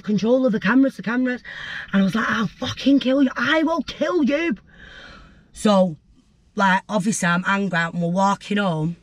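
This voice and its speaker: A young woman, a guest telling her story bluntly and vividly, acting out what others said. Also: medium pitch. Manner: blunt, vivid storytelling that acts out voices, with swearing. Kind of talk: candid storytelling interview.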